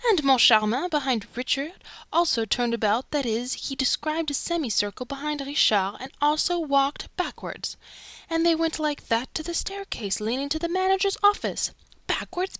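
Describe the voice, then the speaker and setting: A woman voicing an excitable male theater secretary, asking indignant questions in a rush. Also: sits high, no room sound, pitched above the performer's own voice.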